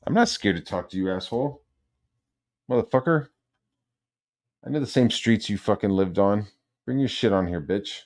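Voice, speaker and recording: Brief: male stream host, low voice, rambling and profane. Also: lively intonation, moderate pace, pauses often. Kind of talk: profane ranting livestream.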